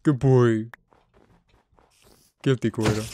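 A young man giving casual gameplay commentary, excitable and swearing often, chatting to his in-game animals. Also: medium pitch, slow pace, a little hiss or hum. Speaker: gaming video creator. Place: home editing room.

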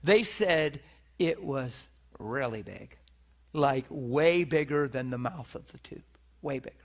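A middle-aged man preaching, telling a personal story with animated delivery, acting out voices and laughing often. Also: mid-range voice, takes it slowly. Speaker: preacher teaching on healing. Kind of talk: sermon storytelling. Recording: live teaching session, room mic.

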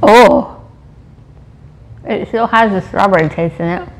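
A woman's voice: medium pitch, a little slow, slight background noise, rough recording. A woman chatting casually while taste-testing snacks, with short murmured reactions, now and then reading labels aloud. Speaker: co-host tasting snacks.

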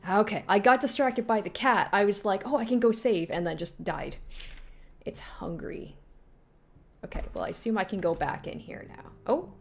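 A woman's voice: mid-range voice, fairly quick, gravelly, hardly any pauses. A woman streaming a horror game, reacting with sudden jumps and reading the on-screen text aloud to herself. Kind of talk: live gameplay commentary.

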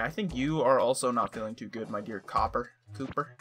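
A man's voice: mid-range voice, moderate pace, bright, forceful tone, soft background music. A young man giving playful, hammy commentary while playing a life-sim game. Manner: playful, hammy trash talk. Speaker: let's play streamer. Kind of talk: gameplay commentary.

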